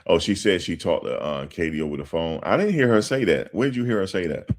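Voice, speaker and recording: A man doing casual commentary on a livestream. He talks in an animated, slangy way and repeats himself for emphasis. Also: low voice, fast talker.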